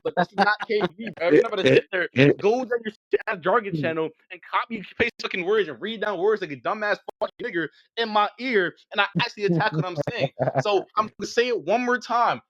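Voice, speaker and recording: Fast, sharp-voiced young man ranting aggressively. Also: high voice, no room sound. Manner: aggressive, insulting, rapid-fire ranting. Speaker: online debater. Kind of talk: heated voice-chat debate. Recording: dull lo-fi voice chat audio.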